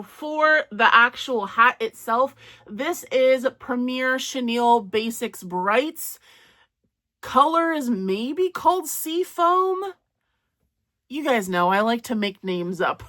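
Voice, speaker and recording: A woman's voice: on the high side, bright, forceful tone. A woman chatting casually to camera about her crochet projects, rambling and self-deprecating. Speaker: crochet vlogger.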